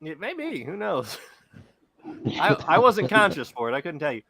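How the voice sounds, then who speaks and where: A man's voice: fairly high pitch, big pitch swings, a little slow, vocal fry, sharp tone, breathy edge. A man co-hosting a podcast, rambling and cursing in casual chat, laughing often. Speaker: podcast co-host.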